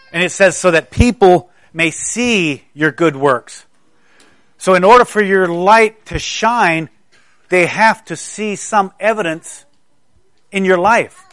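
Higher-pitched man preaching from South Carolina. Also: a bit bright, no echo. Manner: conversational storytelling, stammering restarts. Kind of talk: sermon.

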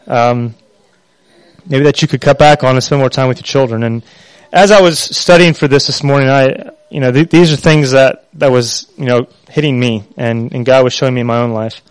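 A man preaching a sermon in an earnest, halting way, with many pauses and fillers. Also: medium pitch, steady tone, clear, resonant tone, no echo, low-quality recording.

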